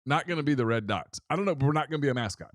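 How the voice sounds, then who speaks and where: A man co-hosting a casual sports podcast, telling stories with animated quoted voices. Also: medium pitch, very fast, no echo, studio quality. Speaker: podcast co-host.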